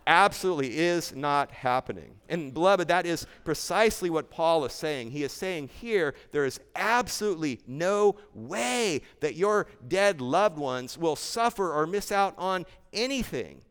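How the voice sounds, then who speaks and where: A man in the pulpit delivers a sermon with an emphatic, repetitive cadence. His smooth, resonant voice sits slightly high for a man. The words trail into the long reverb of a large church sanctuary. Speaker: pastor.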